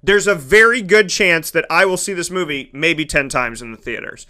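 Male entertainment host, high bright voice, animated and emphatic casual monologue. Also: moderate pace. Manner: animated, emphatic, dramatic voice swings. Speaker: broadcaster and entertainment show host.

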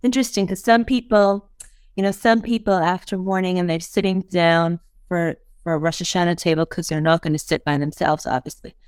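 A woman's voice: on the low side, fairly even intonation, fairly quick, clear, resonant tone, no room sound, studio quality. A woman hosting a podcast interview, talking in an earnest, thoughtful way and often quoting what people say. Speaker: podcast host. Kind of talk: casual interview chat.

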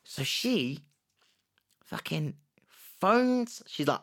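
A man, casually telling a true-crime story on a podcast, animated and jokey, slipping into quick put-on voices. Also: a little high. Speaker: podcast co-host.

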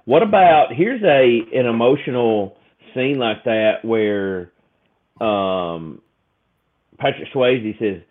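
A man's voice: mid-range voice, expressive, takes it slowly. A man talks casually on a podcast, emotional and rambling, full of restarts and fillers. His voice comes through thin and tinny, like a phone line. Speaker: podcast co-host. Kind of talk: casual chat.

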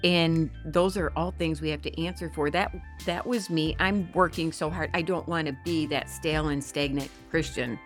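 A woman co-hosting a Christian podcast, talking earnestly and reading scripture slowly and expressively. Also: deep voice, fairly even intonation, soft background music. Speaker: podcast co-host.

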